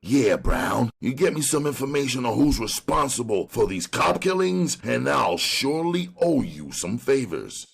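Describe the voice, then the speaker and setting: A man's voice: mid-range voice, very animated, moderate pace, gravelly, hardly any pauses, husky, pitched above the performer's own voice, exaggerated voice. A man voicing a hard, threatening male police detective who talks sternly. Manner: stern, menacing.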